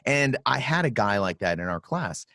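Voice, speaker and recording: Lively, profane man hosting a podcast. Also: mid-range voice, moderate pace, dry recording, clean studio sound. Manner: profane, animated storytelling. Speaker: podcast host. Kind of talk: casual chat.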